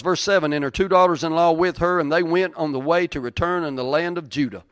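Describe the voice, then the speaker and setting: A man's voice: on the high side, fast, hardly any pauses, fairly bright tone, smooth, no echo. Emphatic male preacher, dry sound. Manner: emphatic, repeats key lines, reads old-style verses. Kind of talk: sermon with scripture reading.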